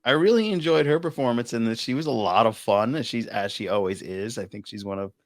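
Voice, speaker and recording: A man hosting a casual movie review chat, animated and prone to swearing. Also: medium pitch, fairly quick, no echo, studio quality. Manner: animated, swears, laughs often. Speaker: host.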